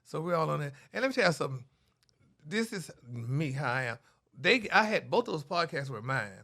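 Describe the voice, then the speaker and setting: A middle-aged man, a radio personality, chatting in a sassy, animated way and calling everyone honey. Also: a little high, fairly quick. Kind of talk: casual interview chat.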